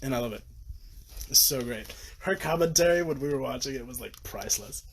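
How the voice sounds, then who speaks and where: A man's voice: mid-range voice, animated, a little fast, creaky, slight background noise. A sleep-deprived man livestreaming from a room at home on his phone, gushing and rambling about movies and swearing freely. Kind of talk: casual livestream rant.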